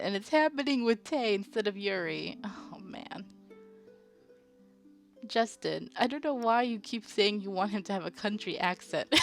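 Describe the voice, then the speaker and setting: A woman streaming a visual novel playthrough, reading the game's text aloud and chatting playfully with her viewers. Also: medium pitch. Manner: chatty, playful, reacts to chat. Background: faint game music.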